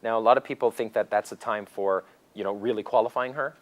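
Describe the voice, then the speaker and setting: Male seminar instructor, animated lecturer, acts out scenes mid-talk. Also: lowish voice, quick pace. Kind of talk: lecture to a class.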